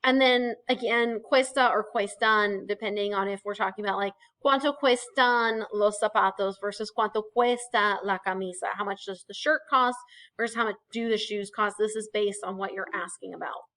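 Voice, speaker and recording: A woman's voice: medium pitch, steady tone, normal speed, a bit bright, poor audio. Chatty woman teaching vocabulary. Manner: casual, chatty, explains with asides. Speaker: Spanish teacher. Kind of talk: recorded vocabulary lesson.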